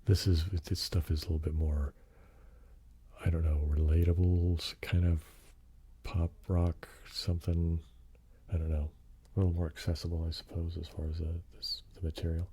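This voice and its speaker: Very deep soft-spoken ASMR man. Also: slight background noise. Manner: soft-spoken, drifting into whispers; relaxed, rambling, slowly reading track lists. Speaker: ASMR host.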